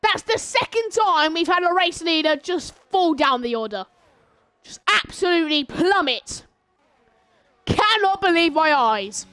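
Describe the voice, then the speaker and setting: High-pitched excitable woman race commentator. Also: unhurried, dry recording. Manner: excitable, grumbling asides, bursts into shouts during battles. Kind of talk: live sim racing commentary.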